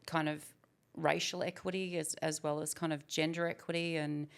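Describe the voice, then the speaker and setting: A woman's voice: low-pitched, little pitch movement, normal speed, vocal fry, smooth. A woman in her forties, a guest speaking candidly and reflectively in a conversational interview. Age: 40s. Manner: reflective, candid, with frequent fillers.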